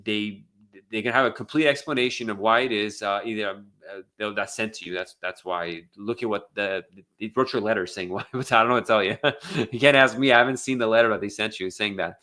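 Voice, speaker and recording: A man's voice: on the low side, a little fast, sharp tone. An American man hosting a live legal Q&A, speaking casually with many fillers and restarts. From United States. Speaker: immigration attorney hosting a live Q&A. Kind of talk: casual live Q&A, reading viewer questions.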